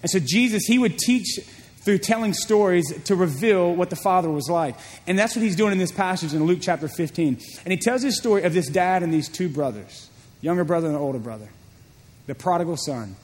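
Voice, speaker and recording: A man preaching a sermon, telling a story in an animated way and often repeating his words. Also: high-pitched, fairly quick. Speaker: pastor. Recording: long hall reverb.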